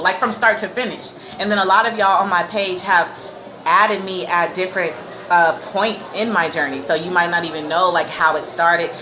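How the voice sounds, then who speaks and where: A woman signs off her livestream in relaxed slang, laughing easily and slipping into preachy bursts. Steady background noise runs under her voice the whole time. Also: medium pitch. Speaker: livestream host. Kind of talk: casual livestream sign-off. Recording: noisy ambience behind.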